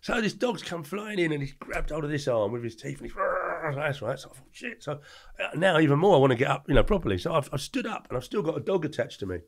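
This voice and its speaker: A middle-aged man telling animated anecdotes as a podcast guest, acting out the quotes in his stories. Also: fairly high pitch, fast talker. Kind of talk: casual storytelling.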